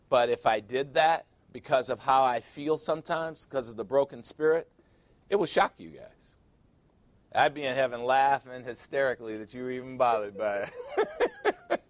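A man preaching a conversational sermon as pastor, candid and confiding, often dropping into quiet asides. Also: medium pitch, dry recording.

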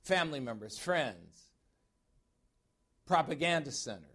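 A man's voice: medium pitch, very animated, a little slow, fairly bright tone, breathy edge. A middle-aged man from Chicago preaching a sermon as a pastor-teacher, emphatic and asking his congregation direct questions. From Chicago, USA.

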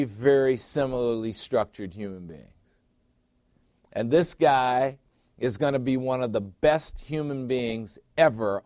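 A man's voice: mid-range voice, a little mellow, no room sound, clean studio sound. A middle-aged man preaching a sermon as pastor, emphatic, repeating phrases and putting questions to his listeners.

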